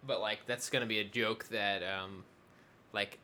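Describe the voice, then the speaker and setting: A man's voice: on the low side, fairly even intonation, a little slow, bright, forceful tone, a little hiss or hum. A young adult man in casual conversation, rambling with many fillers and restarts. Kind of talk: casual chat.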